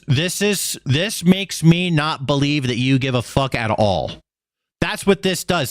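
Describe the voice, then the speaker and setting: A man's voice: high-pitched, clear, resonant tone, dry recording. Guy ranting on his stream, swears a lot, voice jumps all over, dry close sound. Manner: profane, sarcastic, exasperated. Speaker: streamer host.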